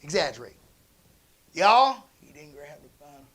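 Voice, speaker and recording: A man preaching in a church, telling a family story in a conversational way that moves from quiet asides to loud emphasis. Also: fairly high pitch, very animated, moderate pace, slightly rough. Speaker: pastor. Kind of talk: storytelling sermon.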